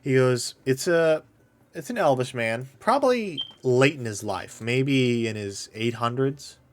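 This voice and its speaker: A man's voice: medium pitch, expressive, a little slow, a little hiss or hum. A man acting as game master, narrating a tabletop game casually, with many fillers. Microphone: desk microphone.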